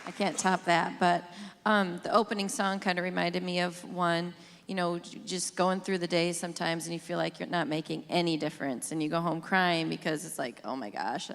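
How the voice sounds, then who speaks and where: A woman teacher with a low, gravelly voice talks candidly on a church panel. She chats casually and quotes her own thoughts, and her words echo with a long reverb in the church sanctuary. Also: flat delivery, normal speed. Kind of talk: panel sharing at church event. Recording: hall reverb.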